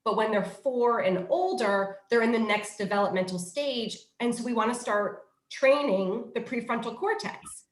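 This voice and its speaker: A woman's voice: fairly high pitch, normal speed, few pauses, echoey room, low-quality recording. Woman leading a parenting workshop. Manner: demonstrative, instructive, switches between commands and coaching questions. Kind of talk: interactive parenting workshop role-play.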